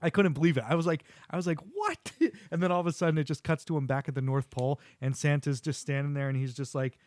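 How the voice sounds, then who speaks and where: A man's voice: medium pitch, very fast, dry recording. A middle-aged man hosting a podcast, eagerly recapping an episode, acting out quotes and laughing often. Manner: animated storyteller, acts out quotes, laughs often. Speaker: podcast host. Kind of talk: casual chat recapping a show.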